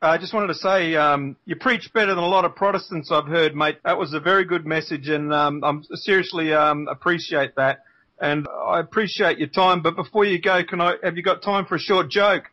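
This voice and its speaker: A man's voice: a little high, moderate pace, sharp tone. A male host in a casual interview, friendly and a bit hesitant with fillers. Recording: dull lo-fi line.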